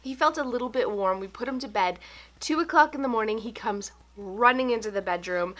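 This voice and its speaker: A woman in her thirties telling a story to camera in a casual vlog, animated and breathless, breaking into laughs. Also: fairly high pitch, quick pace. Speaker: home organizing vlogger.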